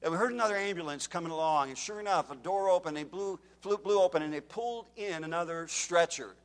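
A man preaches a fire-and-brimstone sermon with a fairly high voice. He tells dramatic stories and shouts out the cries of the people in them. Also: fast, long reverb tail. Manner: dramatic storytelling, shouts out quoted screams.

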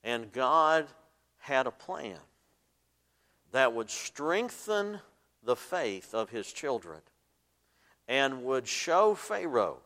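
A man preaching a sermon, swinging between loud emphatic bursts and soft asides, and asking his listeners to fill in the words. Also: on the high side. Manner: asks the congregation fill-in questions. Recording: long hall reverb.

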